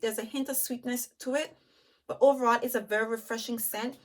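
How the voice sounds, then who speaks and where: A woman reviewing perfumes in a chatty way, talking straight to her viewers. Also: on the high side. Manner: chatty, enthusiastic, addresses viewers as "you guys"; lists notes while smelling, with pauses and restarts. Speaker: beauty vlogger.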